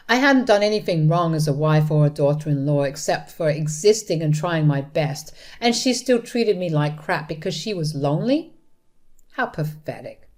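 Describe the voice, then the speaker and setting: A woman's voice: fairly low pitch, darkish tone. A woman narrating a first-person story in a bitter, blunt manner.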